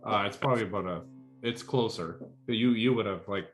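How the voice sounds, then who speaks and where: A man's voice: lowish voice, fairly quick, faint music behind. A man narrating a tabletop game as game master, describing scenes with frequent fillers.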